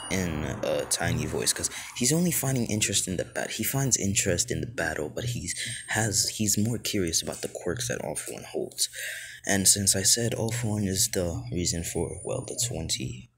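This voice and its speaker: A man's voice: sits low, fairly bright tone, slight background noise. A man improvising a fan story, rambling with many filler words, recorded outdoors on a phone held close to his mouth.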